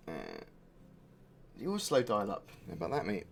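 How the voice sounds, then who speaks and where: A man's voice: lowish voice, sing-song, moderate pace, pauses often, slight background noise. A man streaming a video game live, chatting in a rambling, distracted way with plenty of asides. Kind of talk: live-stream chat while gaming. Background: faint music.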